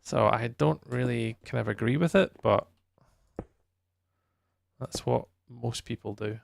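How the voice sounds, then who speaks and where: Man, Scottish accent, rough fry-heavy voice, easygoing streamer, rambling chat. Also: medium pitch, a little slow, slight background noise. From Scotland. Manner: chatty and rambling, laughs easily, answers chat. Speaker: game streamer. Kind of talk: casual chat while playing a game live.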